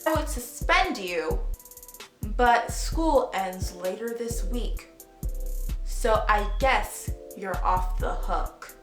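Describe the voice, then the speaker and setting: A woman voicing a stern female school principal in a plain, slightly slowed voice. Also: medium pitch, lively intonation. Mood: flat. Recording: echoey room, faint music.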